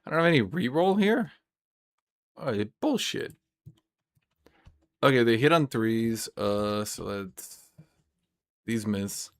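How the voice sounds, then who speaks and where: A man's voice: mid-range voice, expressive, slow, long pauses, no echo. Man muttering through a wargame turn. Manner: thinking aloud, swearing, self-mocking. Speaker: tabletop wargame player. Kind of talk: casual play commentary.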